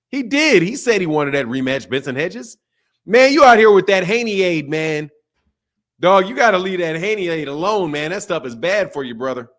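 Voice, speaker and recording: A man hosting a casual boxing stream from his home, voice sitting a little above the usual pitch for men. He talks in an emphatic, slangy way and hammers his points by repeating them. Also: fairly bright tone. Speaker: boxing channel host. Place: home indoors.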